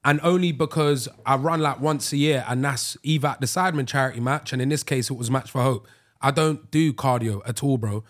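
A young man, co-hosting a podcast and telling animated stories in casual chat. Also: mid-range voice, a little fast. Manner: animated storyteller, slips into excited voices. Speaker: podcast co-host.

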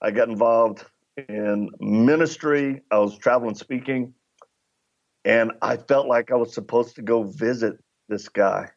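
Middle-aged male guest, gravelly voice, anecdotal storyteller who plays out the dialogue, slightly muffled recording. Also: medium pitch, a little slow. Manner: acts out dialogue while telling anecdotes. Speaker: podcast guest. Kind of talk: conversational storytelling.

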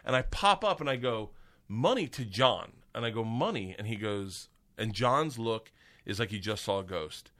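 A middle-aged man, a comedian guest, telling an animated story with lots of swearing and high-pitched quoted voices. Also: normal speed. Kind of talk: casual storytelling.

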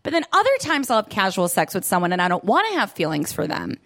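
A woman's voice: medium pitch, wildly swooping pitch, quick pace, fairly bright tone. A woman in her thirties doing a self-deprecating stand-up set on a club stage, often laughing through her lines. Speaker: stand-up comedian.

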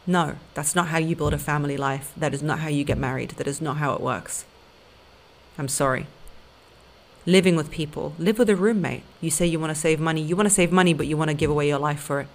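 A woman's voice: deep voice, fairly quick. A woman hosting a podcast, giving blunt, emphatic relationship advice straight to her listeners. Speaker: podcast host and dating coach.

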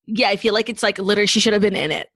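A woman's voice: mid-range voice, steady tone, very fast, a bit bright, no room sound. A woman co-hosting a podcast in casual chat, constantly saying "like" as she talks. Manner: chatty, fills speech with "like". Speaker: podcast co-host.

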